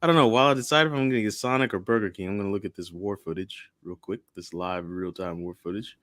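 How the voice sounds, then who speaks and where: Low-voiced guy hosting a podcast, jokey and offhand, dry sound. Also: quick pace, fairly bright tone, no echo. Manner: joking, offhand. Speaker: podcast host. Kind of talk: casual chat.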